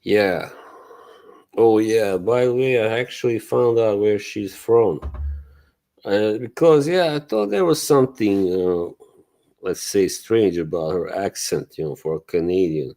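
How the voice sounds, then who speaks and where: A man hosting a casual live stream talks to his viewers in an unhurried, rambling way, with plenty of swearing and laughter. His voice sits very low with a warm, mellow tone. He speaks slowly and loosely, as if thinking out loud. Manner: greets and answers chat viewers. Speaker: livestream host.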